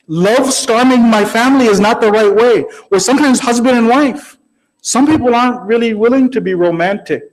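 A man's voice: very high voice, normal speed, poor audio. A man giving a sermon in a conversational way, often checking in with the audience. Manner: conversational, keeps asking the audience "right?". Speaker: religious speaker.

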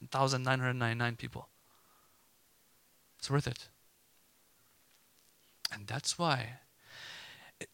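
Bright emphatic male preacher. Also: a little high, clear, resonant tone, no echo. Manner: animated, emphatic, voices imagined dialogue. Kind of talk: sermon.

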